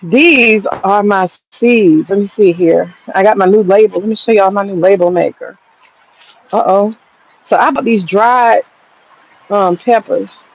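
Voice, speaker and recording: A chatty woman, hosting a livestream from her garden. She talks loosely and swears freely, at a mid pitch. The phone audio is dull and lo-fi. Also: measured pace, creaky, a little hiss or hum. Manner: chatty, profane, laughs often. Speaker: livestream host. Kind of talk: casual livestream chat. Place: home garden.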